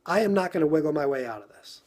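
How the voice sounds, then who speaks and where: A man's voice: a little high, expressive, quick pace, a little mellow. A man from New York telling a casual story on a phone livestream, acting out his own frustration with lots of repetition.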